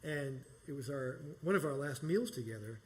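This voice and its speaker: A man's voice: mid-range voice, expressive, moderate pace, darkish tone. Rambling middle-aged man telling a story. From New York. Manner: rambling, conversational, with many restarts. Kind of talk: live personal storytelling. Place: small performance space.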